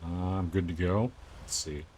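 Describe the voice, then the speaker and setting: Low-voiced streamer guy rambling on, truck game noise in the back. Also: steady tone, a little slow. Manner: rambling, chatty, many fillers. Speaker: streamer hosting a game convoy. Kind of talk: casual chat while gaming. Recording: game engine noise behind.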